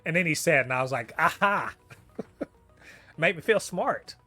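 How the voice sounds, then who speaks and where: Animated, profane man reviewing a show. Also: fairly high pitch, quick pace, dry recording, faint music behind. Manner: animated, profane, laughs often, exclaims in disbelief. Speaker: podcast co-host reviewing a TV episode. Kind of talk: casual review chat.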